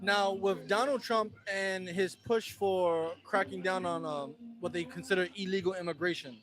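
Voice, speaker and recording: A man's voice: sits high, normal speed, music in the background. A man interviewing a passerby, asking questions hesitantly with frequent ums.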